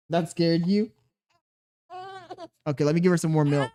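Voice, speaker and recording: A man's voice: on the high side, normal speed, pauses often, a little mellow. A man streaming live, reading chat comments aloud and cooing at a baby in a playful, mock self-pitying way. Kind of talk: casual livestream chat.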